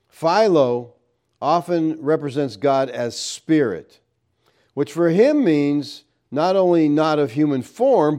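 A man with a slightly raised pitch teaches scripture verse by verse. He explains patiently, poses questions to his listeners, and pushes up his emphasis on key points before letting phrases trail off. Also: a little mellow. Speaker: Bible teacher.

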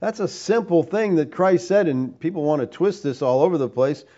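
A man's voice: fairly high pitch, lively intonation, normal speed, warm tone, muffled recording. A man preaching a teaching sermon, emphatic, firing rhetorical questions and tagging points with "all right?".

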